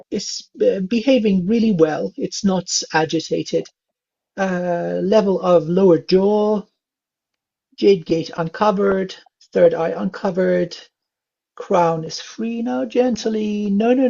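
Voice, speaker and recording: Man, gravelly voice, husky, calm gentle reading, lots of uhs, dull lo-fi recording. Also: high voice. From England. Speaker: spiritual reader. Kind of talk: psychic reading session. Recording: dull lo-fi sound.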